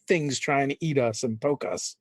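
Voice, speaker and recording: A man's voice: medium pitch, moderate pace, dry recording, studio quality. A man playing a tabletop game, chatting in an easygoing, joking way. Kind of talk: casual game table chat.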